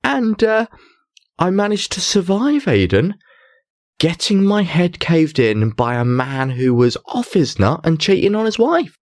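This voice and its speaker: Animated man telling stories. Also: sits high, a little slow, no room sound, studio quality. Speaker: mentalist, podcast co-host. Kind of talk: casual storytelling chat.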